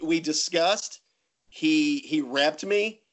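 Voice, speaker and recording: A man co-hosting a podcast, telling stories in casual chat with animated, self-mocking humor. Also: a little high, slow. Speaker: podcast co-host.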